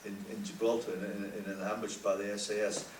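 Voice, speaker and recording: Older male panelist, halting reminiscence, echoey distant recording. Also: lowish voice, little pitch movement. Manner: halting, repeats words often. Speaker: panel guest. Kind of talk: reflective panel talk. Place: conference hall. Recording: roomy hall, distant mic, faint hiss.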